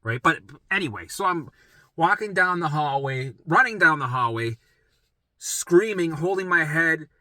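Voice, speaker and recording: A middle-aged man telling his own story in a rambling, profane, animated way, often asking "right?" and jumping into acted voices. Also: a little slow, dry recording. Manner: acts out his own past voices in sudden pitch jumps. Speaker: vlogger sharing his recovery story. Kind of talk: casual storytelling monologue.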